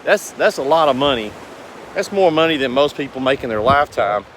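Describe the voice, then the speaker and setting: A man's voice: medium pitch, animated, fairly quick, a little hiss or hum. A man, talking casually to his viewers in a rambling, earnest, folksy way. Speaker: business owner vlogger. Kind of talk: casual talk to camera.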